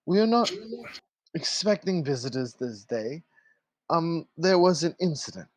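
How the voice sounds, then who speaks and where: A man's voice: fairly high pitch, big pitch swings, unhurried, no echo. A man voicing a courteous, formal male servant in a tabletop game, speaking politely with slight hesitations.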